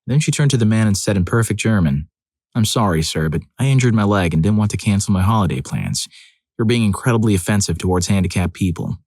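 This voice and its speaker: A man's voice: lowish voice, a little mellow, no room sound. A man narrating reader-submitted stories in a scripted storytelling style, acting out the quoted lines, with wry asides.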